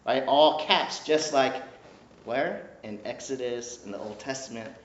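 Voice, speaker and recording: A man's voice: medium pitch, a little slow, slight background noise. A male pastor preaching a sermon in a conversational, playful way, often checking in with "right?". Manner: conversational, animated, keeps asking "right?"; playful, jokes with the congregation. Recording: echoey room, dull lo-fi sound.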